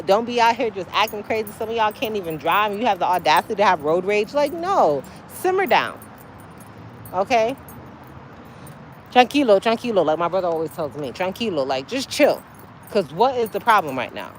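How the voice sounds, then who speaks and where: A woman hosting a casual livestream outdoors by a street, chatting straight to her viewers and breaking into sudden high exclamations. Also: animated, a little fast, slight background noise. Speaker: livestream host. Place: outdoors by a street, waiting for a ride.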